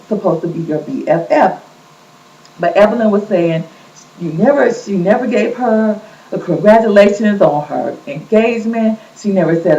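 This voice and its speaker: A woman host giving a casual, gossipy recap and acting out what people said. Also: mid-range voice. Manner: animated, gossipy, quotes people in lively voices. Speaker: vlog host recapping a reality show. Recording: echoey, distant, dull lo-fi sound.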